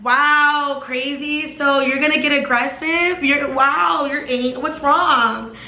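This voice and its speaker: A woman putting on a calm, mocking young woman. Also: takes it slowly, roomy sound, a little hiss or hum, full character voice. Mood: needling. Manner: calm, needling, raised pitch.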